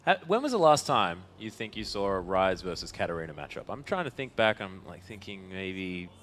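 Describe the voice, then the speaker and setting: A man giving color commentary on a video game match into a headset, reacting quickly and excitedly to the plays. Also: deep voice, slight background noise. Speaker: esports caster.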